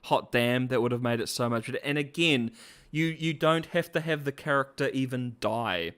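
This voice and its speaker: A man's voice: mid-range voice, normal speed, a bit bright, smooth. A man hosting a casual commentary vlog, rambling with slang, fillers and restarts. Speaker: host.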